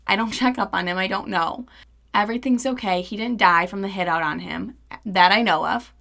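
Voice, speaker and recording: A young woman hosting a podcast, telling a story in casual, animated, profane chat and acting out the quoted dialogue. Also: mid-range voice, a little fast, gravelly. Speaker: podcast host.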